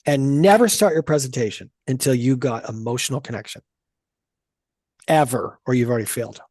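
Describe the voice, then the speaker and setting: A woman's voice: very deep voice, brisk, no room sound. Blunt, salty woman sales coach. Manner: blunt, profane, energetic. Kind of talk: live group coaching call.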